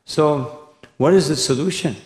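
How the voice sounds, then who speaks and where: In a temple hall, a monk gives a scripture lecture that rambles, peppered with "no?" and "you know," and he recites Sanskrit verses. His voice is a little high with a darkish tone, unhurried, and the hall recording is echoey.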